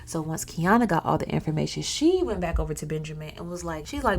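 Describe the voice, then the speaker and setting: A woman's voice: low-pitched, animated, fast, vocal fry, hardly any pauses, a little mellow. A woman telling a story in a casual, chatty way with personal asides.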